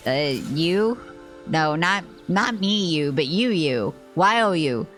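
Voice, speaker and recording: A young woman streaming a game, chatting playfully with friends and chat, rambling and swearing with sudden high yelps. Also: animated, takes it slowly, a bit bright, faint music behind. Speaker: VTuber streamer. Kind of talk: casual gaming stream chat.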